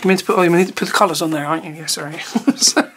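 An art teacher chats casually while unboxing art supplies, rambling and often trailing off mid-sentence. Her voice is fairly low and rapid-fire, and there's noticeable background noise.

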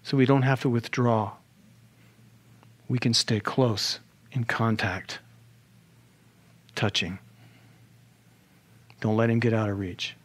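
A male pastor preaching a sermon in an animated way, with rhetorical questions and humorous asides. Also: medium pitch, takes it slowly, pauses often, breathy edge.

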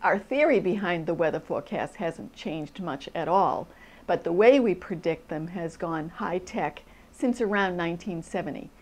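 A woman from the almanac staff, explaining its history in a measured documentary interview. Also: fairly low pitch, darkish tone.

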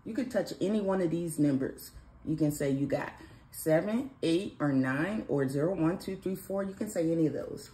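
A woman's voice: low voice, moderate pace, warm tone. A woman and mother chatting casually and teasingly with her son at home in the morning, recorded on a phone. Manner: playful, teasing, sing-song. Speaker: mother and vlog host. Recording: echoey room, faint background noise.

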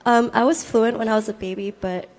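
A woman's voice: a little high, steady tone, brisk, a little mellow. Giggly young woman student. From Rhode Island.

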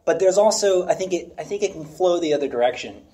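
A man in casual conversation about theatre, thoughtful and measured, searching for the right words. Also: high-pitched, animated, warm tone. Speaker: theatre actor and director.

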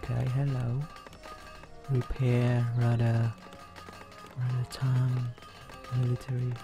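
A man casually commenting on his gameplay, hesitant and muttering, with many ums and pauses. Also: medium pitch, completely flat delivery, vocal fry, music in the background.

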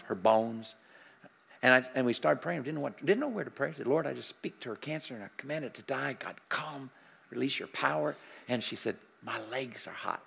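Older man, preacher, gravelly, husky, animated storytelling, soft prayer murmurs, sermon. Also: mid-range voice. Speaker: preacher teaching on healing prayer. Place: church sanctuary.

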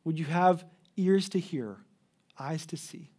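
A middle-aged man preaches a sermon with earnest, pleading emphasis, sometimes breaking off and restarting a phrase. His voice sits a little high but sounds mellow and warm. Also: a little slow. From Canada. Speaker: pastor.

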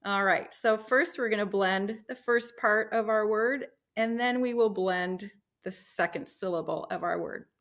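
A woman teacher leading a slow, encouraging phonics lesson for young children, sounding out letters and blending words. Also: mid-range voice, fairly bright tone.

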